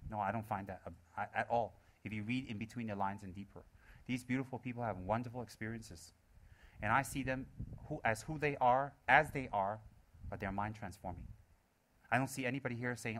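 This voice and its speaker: Speaking briskly with a fairly low, fairly bright voice, a man gives a live Dharma talk over slight background noise. He repeats key phrases, asks rhetorical questions, and playfully teases the audience between his points.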